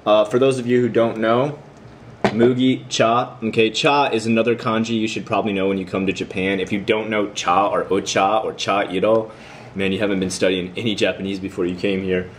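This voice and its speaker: This American man has a lowish voice and speaks at a brisk pace in a level tone, with slight hiss or hum on the recording. He's a vlogger teaching about Japan in a chatty, teasing video lesson, quizzing whoever's watching.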